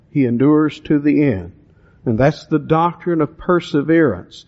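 A man preaches from the pulpit, his voice sitting a little high for a man. He reads verses slowly, leaning hard on single words, then drops into plain, direct talk with his listeners. The recording is dull and lo-fi. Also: a little mellow. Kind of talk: expository sermon.

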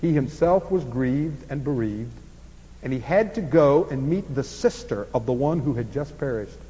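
A man preaching an expository sermon, swinging from emphatic passages to hushed ones. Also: mid-range voice, lively intonation, normal speed, slightly rough, big-room sound, low-quality recording.

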